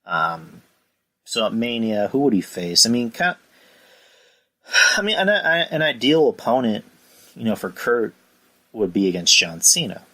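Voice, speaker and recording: A man's voice: fairly low pitch, big pitch swings, a little slow, pauses often, pushed and bright. A man hosting a casual podcast, rambling and filling his talk with "you know" and sighs. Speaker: podcast host. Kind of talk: casual chat.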